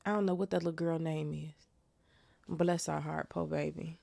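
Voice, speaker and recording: A woman's voice: deep voice, steady tone, moderate pace, gravelly, a little mellow, no echo. A woman hosting a casual book reaction podcast, chatting in slang and reading the chapter aloud. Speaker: podcast host.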